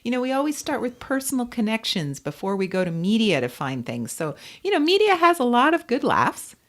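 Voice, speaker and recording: A woman co-hosting a podcast in casual chat, a Chinese medicine practitioner who talks in an animated way and laughs often. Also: fairly high pitch, brisk.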